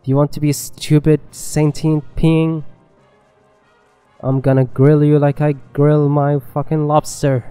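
A man's voice: on the high side, flat delivery, unhurried, dark tone, clear, resonant tone, in a large hall, faint music behind, low-quality recording. A man giving casual gameplay commentary as a let's play gamer, swearing a lot and talking back to the game.

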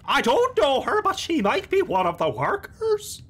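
A man's voice: extremely high pitch, huge pitch swings, measured pace, a bit bright, pitched above the performer's own voice, exaggerated voice. A man voicing a blunt, weary woman survivor in a game, with an exaggerated put-on Irish brogue.

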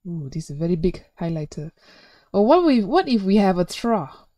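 A woman's voice: mid-range voice, very animated, moderate pace, dark tone, dry recording. A woman teaching physics in a recorded video lesson, chatty and playful, joking and putting questions to the viewer.

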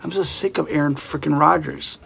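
A man's voice: on the high side, a little fast, vocal fry, a bit bright. A man from the Chicago area ranting as a frustrated fan in his sports vlog, peppering his talk with "okay?" and "frickin'". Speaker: sports vlogger.

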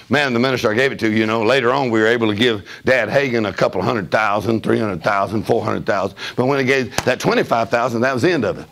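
An older man preaching a storytelling sermon in a church service, animated and laughing, with a punchy preaching manner. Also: mid-range voice, fairly quick, gravelly. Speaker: guest preacher. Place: church service with responding congregation. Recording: live church hall with congregation audible.

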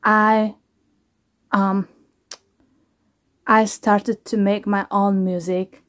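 A woman, a singer, talking casually to camera in a reaction vlog, halting, restarting and trailing off as she reflects. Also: mid-range voice, level tone, fairly bright tone.

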